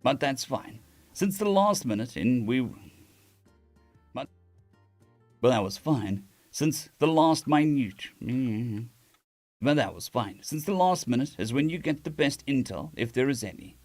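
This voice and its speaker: A man's voice: medium pitch, animated, measured pace, a little mellow, soft background music. A man reading a story aloud on a live stream, with casual restarts and asides to chat.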